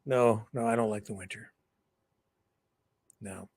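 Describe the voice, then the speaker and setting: A man's voice: on the low side, fairly even intonation, measured pace, darkish tone, slightly rough, no room sound. A man hosting a casual chat, easygoing, with a dry sense of humor. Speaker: host.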